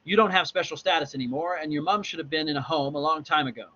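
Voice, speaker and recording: A man's voice: a little high, fast, bright, forceful tone, voice pushed up. A male lecturer voicing a threatening police boss from a graphic novel, speaking with cold contempt, on a dull recording. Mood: menacing.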